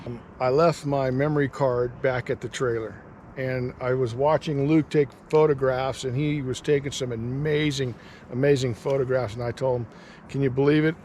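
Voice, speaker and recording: A man's voice: medium pitch, steady tone, moderate pace, a little mellow, slight background noise. An older man telling an easygoing, jokey story to the camera outdoors by a lake. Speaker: vlogger. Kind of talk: casual storytelling vlog chat.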